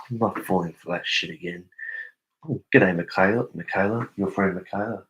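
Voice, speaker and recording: A man's voice: deep voice, moderate pace, fairly bright tone, breathy edge, dull audio. A young Australian man on a casual live stream, reading viewer comments aloud and answering them.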